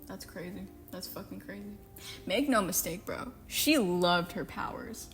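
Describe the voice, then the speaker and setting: A woman's voice: mid-range voice, lively intonation, a little slow, faint music behind. Fed-up young woman ranting. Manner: exasperated, sarcastic, profane. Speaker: book commentary vlogger. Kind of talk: ranting book commentary.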